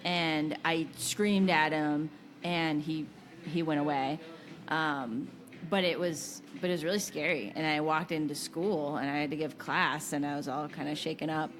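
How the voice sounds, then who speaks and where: A woman's voice: deep voice, steady tone, normal speed. An American woman co-hosting a podcast, talking in casual chat, giggly and candid. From United States. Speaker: podcast co-host.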